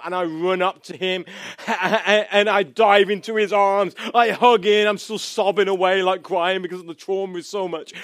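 A man preaching a sermon through a personal story, animated, with many restarts and fillers. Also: high voice, no echo, clean studio sound.

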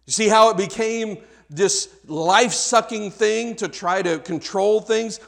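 A pastor delivering a sermon in a high-pitched male voice. He preaches conversationally, stumbling and restarting often, and turns to question the congregation directly. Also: measured pace, gravelly, a bit bright.

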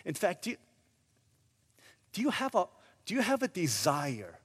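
A male pastor preaching a sermon, swinging between loud urgent bursts and hushed, quiet stretches. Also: sits high, wildly swooping pitch, moderate pace, breathy edge, big-room sound.

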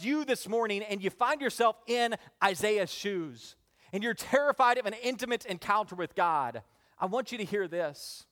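A man, a father, preaching a sermon in church, building with emphatic repeated phrases, then dropping to hushed, slow lines. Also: animated. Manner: dynamic preaching, rising emphatic repetition then hushed low endings. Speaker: pastor.

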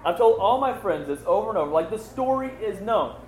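Man doing exasperated formerly blind young man, snarky, higher-pitched, insistent, echoey room. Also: fairly quick, a little mellow, slight background noise.

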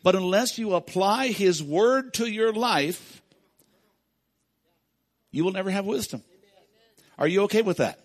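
A man's voice: high-pitched, animated, measured pace, long pauses. A man preaching a sermon as pastor, emphatic, repeating key phrases and calling out to the congregation.

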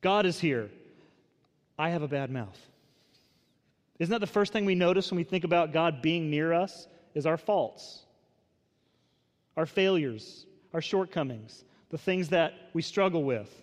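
Male pastor, sermon, conversational with jokes, slightly high voice, church hall reverb. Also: lively intonation, a little slow, pauses often. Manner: conversational, joking asides, swings from loud emphasis to soft.

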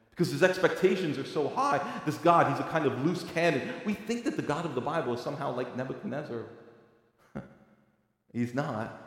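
A man's voice: medium pitch, fairly quick. Preaching man in an echoey hall. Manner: swings between quiet reflection and loud emphatic preaching. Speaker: pastor. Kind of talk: sermon. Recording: echoey hall with long reverb.

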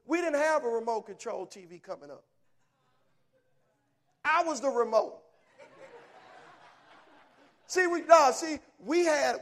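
A man preaching a sermon, emphatic and punchy, telling folksy stories and asking rhetorical questions. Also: very high-pitched. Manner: emphatic, punchy short phrases.

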